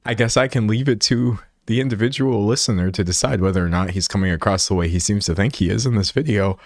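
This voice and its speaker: A man's voice: lowish voice, fast, dry recording. Sarcastic man reacting in a dry room. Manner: mocking, casual slang, stumbling repeats. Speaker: commentary host.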